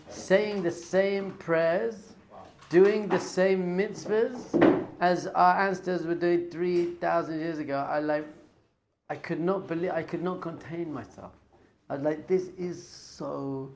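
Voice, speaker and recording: A middle-aged rabbi speaks with a somewhat high, gravelly voice. He tells a story full of excitement, getting loud one moment and dropping to a hushed, awed tone the next. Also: background noise. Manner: excitable, swings from loud enthusiasm to hushed awe. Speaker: rabbi and teacher.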